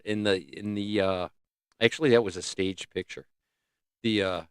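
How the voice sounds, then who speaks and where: A man hosting a casual livestream, rambling and joking as he thinks out loud. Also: fairly low pitch, smooth, no room sound, clean studio sound. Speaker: livestream host.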